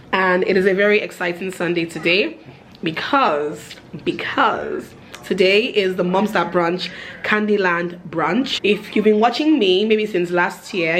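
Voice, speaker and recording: A woman talks to her camera in a relaxed, upbeat home vlog. Her voice sits low for a woman, and she fills her chat with easy ums and asides. A faint hiss of background noise runs under it. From Nigeria. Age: 30s. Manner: chatty, upbeat, lots of fillers. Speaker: vlogger.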